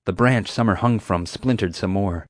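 Male audiobook narrator, lowish voice, dry close sound, steady first-person storytelling. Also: moderate pace, dry recording.

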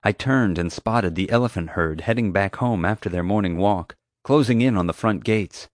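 Male narrator, low voice, dry close studio sound, first-person storytelling. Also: moderate pace, no echo. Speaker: audiobook narrator.

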